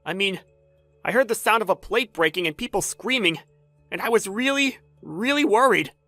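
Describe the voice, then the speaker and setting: A woman's voice: medium pitch, expressive, moderate pace, a bit bright, no echo, soft background music. A woman voicing a caring female company boss, worried and indignant, in a voiced story drama. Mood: concerned.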